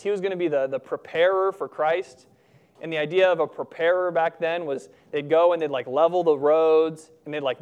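Conversational preacher man with a smooth voice. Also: a little high, darkish tone. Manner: conversational, digressive, humorous asides. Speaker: pastor. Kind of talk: sermon.

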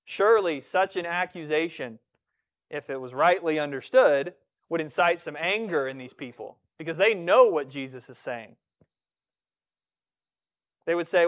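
Male preacher, slightly high, clean smooth tone, chatty sermon delivery with restarts. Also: lively intonation, moderate pace, long pauses. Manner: conversational preaching with frequent restarts and dramatic quoted voices. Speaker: pastor.

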